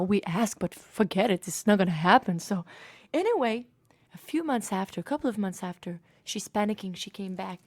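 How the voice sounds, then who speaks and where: A woman in her twenties, a singer being interviewed, telling a story in an animated way with sudden drops into whispers. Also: medium pitch, dry recording. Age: 20s.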